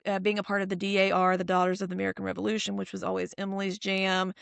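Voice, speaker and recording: A woman recaps TV episodes in an easygoing, animated way, slipping in little performed lines. Her voice has a noticeable vocal fry. The sound is dry, with no room around it. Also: mid-range voice, rapid-fire, dry recording. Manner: animated storytelling, acting out quoted lines. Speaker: podcast host. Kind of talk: casual chat recapping episodes.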